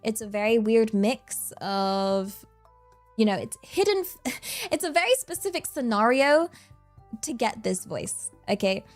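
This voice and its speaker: A giggly English woman with a rural accent, chatting casually and rambling on her stream. Her voice sits fairly high, with faint music quietly behind. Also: animated, unhurried. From England. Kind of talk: casual chat.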